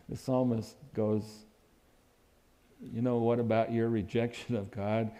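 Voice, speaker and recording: A man's voice: mid-range voice, dark tone. A man preaching a sermon who acts out quoted lines with sudden rises and dips in his voice.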